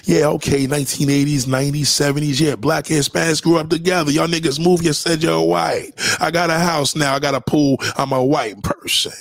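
A man's voice: a little high, fairly even intonation, a little fast, creaky, hardly any pauses, no room sound, clean studio sound. A man giving a heated, profane reaction rant as a commentator, talking back to a clip. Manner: profane, confrontational, preachy.

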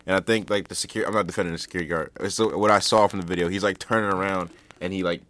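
A man's voice: sits low, fairly even intonation, very fast, fairly bright tone. A man co-hosting a podcast, talking hesitantly and laughing nervously. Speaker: podcast co-host. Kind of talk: casual chat.

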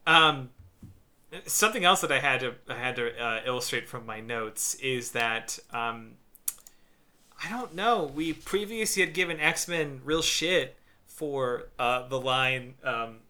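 A man with a bright, forceful voice talks casually as a podcast co-host. He stops and restarts often, fills gaps with ums and uhs, and laughs mid-sentence. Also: medium pitch, lively intonation. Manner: halting, filler-heavy, laughs while talking. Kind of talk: casual chat.

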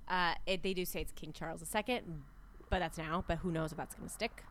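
Woman, thirties, podcast co-host, playful rambling chat, lowish voice. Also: fairly even intonation, fairly quick, a little hiss or hum. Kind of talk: casual comedic chat.

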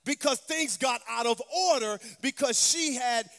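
A man's voice: extremely high pitch, unhurried, a bit bright. A man preaching a sermon to a congregation in a church, with a sing-song cadence, calling on the crowd to answer back. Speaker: pastor. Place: church sanctuary. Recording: long hall reverb with faint music.

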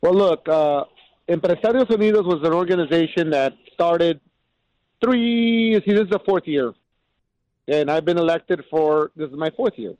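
A man's voice: on the high side, moderate pace, no echo, highs cut off. A middle-aged man, a mayor and guest, telling stories in an interview and acting out what people said. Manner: animated storyteller, acts out quotes. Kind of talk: storytelling interview talk.

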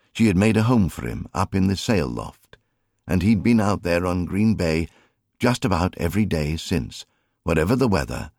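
A man reading a novel aloud as an audiobook narrator, with an expressive storytelling delivery in a recording studio. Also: sits low, dry recording. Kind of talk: scripted narration.

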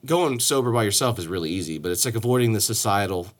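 A man hosting a podcast, bantering in an animated, profane, self-mocking way. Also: fairly low pitch, fast. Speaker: podcast host. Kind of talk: crude casual chat.

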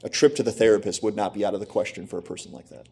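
A man's voice: lowish voice, rapid-fire, creaky, warm tone, husky. A middle-aged man preaching a sermon, emphatic, repeating phrases and asking rhetorical questions. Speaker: pastor.

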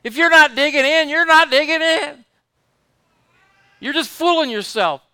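A man's voice: very high voice, measured pace, bright, forceful tone, no room sound. A man preaching a fervent sermon, repeating his points and asking the congregation for amens. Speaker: pastor.

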